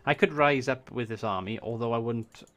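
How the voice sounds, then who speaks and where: A man's voice: medium pitch, a little fast, fairly bright tone. A Welsh man casually thinking aloud as he commentates a strategy game, swearing when surprised. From Wales. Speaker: gaming YouTuber. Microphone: desk USB microphone.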